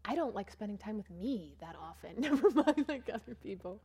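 A young woman talks about her teaching trip in a loose, chatty way. Her speech is peppered with "like" and "um", and she slips into the voices of the people she quotes. Her pitch sits in a middle range for a woman. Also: expressive, fairly quick, mellow, slightly rough. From United States. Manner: chatty, full of "like" and "um", acts out what others said. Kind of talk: casual storytelling talk over photos.

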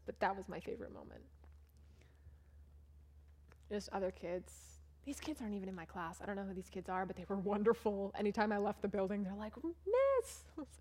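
With a medium-pitched, somewhat dark voice, this young American woman chats over photos about the class she volunteers teaching. She acts out other people's lines, and her casual storytelling is packed with "like" and "um."

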